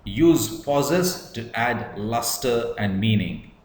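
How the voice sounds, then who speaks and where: Slow, deliberate male lecturer in a roomy space. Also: medium pitch, animated, a little hiss or hum. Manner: measured, with stressed demonstrations. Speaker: English teacher.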